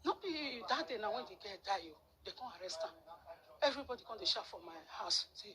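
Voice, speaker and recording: Brief: middle-aged Nigerian Pidgin woman, quick and animated account, crowd noise behind. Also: medium pitch. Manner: animated storyteller, repeats words for emphasis. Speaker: interviewee. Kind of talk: emotional personal account.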